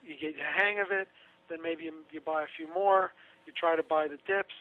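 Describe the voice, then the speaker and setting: High-voiced man on a tinny phone line. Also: fairly even intonation, fairly quick. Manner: chatty, sarcastic asides, laughs mid-sentence. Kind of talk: casual radio talk.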